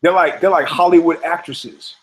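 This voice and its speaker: A man's voice: fairly high pitch, steady tone, normal speed, poor audio. A man hosting a podcast, delivering a rambling, profane comedic monologue and acting out quoted characters in funny voices. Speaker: podcast host.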